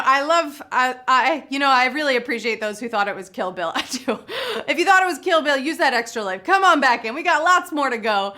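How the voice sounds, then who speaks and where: A woman hosting a live trivia game show, playful and excitable, giggling between chatty asides. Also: high-pitched. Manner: upbeat and excitable.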